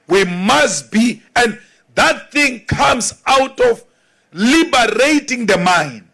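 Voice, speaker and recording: A man delivers a political speech. He speaks slowly and deliberately, in a fairly high voice, and leans hard on each point. Now and then he slips into mocking asides. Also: animated, bright, forceful tone, a faint crowd. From South Africa. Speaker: political leader.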